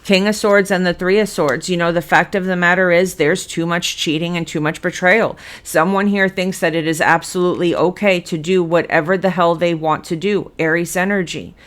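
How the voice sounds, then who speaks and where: A woman's voice: fairly low pitch, fairly even intonation, moderate pace, few pauses. A woman giving a blunt, emphatic tarot reading, cursing freely as she speaks to her viewers. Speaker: tarot reader.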